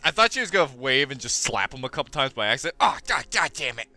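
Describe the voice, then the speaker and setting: Goofy, lively man on a headset. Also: mid-range voice, fast talker, hardly any pauses, dry recording, faint music behind. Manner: goofy, self-mocking, rambling. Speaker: let's play host. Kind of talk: casual gaming commentary.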